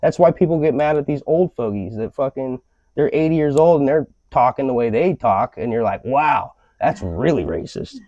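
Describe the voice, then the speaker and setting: A man's voice: medium pitch, animated, brisk, warm tone, no room sound. A man hosting a podcast, talking in a casual, profane and rambling way as he rants. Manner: profane, rambling ranting delivery. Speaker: podcast host. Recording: slightly dull lo-fi audio.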